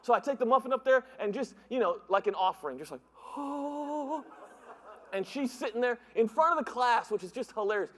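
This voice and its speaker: A man's voice: sits high, expressive, fast talker, hardly any pauses. A middle-aged man from the northern United States preaching a humorous sermon in a church, joking and mimicking voices as he tells stories. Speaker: pastor. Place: church sanctuary. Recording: reverberant church hall.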